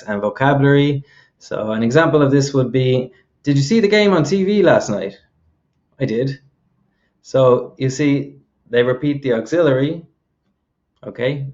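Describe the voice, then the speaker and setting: A man's voice: lowish voice, a little mellow, muffled recording. An Irish man with a mild accent, patiently explaining with examples and often checking "okay?" as he goes. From Ireland. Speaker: host. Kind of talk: explanatory lesson.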